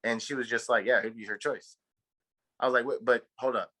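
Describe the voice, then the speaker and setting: A man's voice: medium pitch, fairly even intonation, fairly quick, fairly bright tone, low-quality recording. A man from Texas co-hosting a podcast, telling a long story in a rambling way, full of fillers and swearing. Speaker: podcast co-host. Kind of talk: casual chat.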